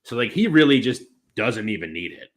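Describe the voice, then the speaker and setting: A man's voice: on the low side, big pitch swings, a little fast, a bit bright. A man co-hosting a wrestling podcast, talking casually in long rambling turns full of fillers and restarts. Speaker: podcast co-host.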